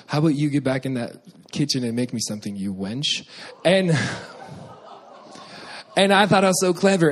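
A young man preaching a sermon, telling a childhood story with lively quoted voices before reading scripture. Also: medium pitch. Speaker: pastor.

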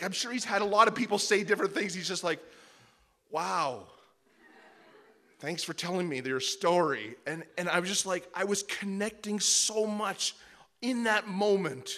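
A middle-aged male pastor preaching a sermon, telling a personal story in an animated way that swings from soft and tender to loud and excited. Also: on the high side. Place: church service before a congregation.

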